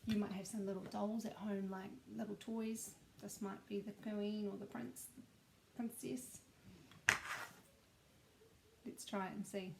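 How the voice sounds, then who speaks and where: A woman teacher, reading a story aloud and leading a sing-along for young children, gentle and clear. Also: medium pitch, steady tone, a little slow, pauses often.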